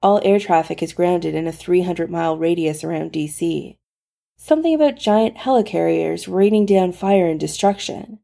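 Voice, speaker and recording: A woman voicing a caring man who talks briskly and reassures softly. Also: high voice, vocal fry. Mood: brisk, reassuring. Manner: soothing, brisk and practical. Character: caring, reassuring man, fast-talking and steady.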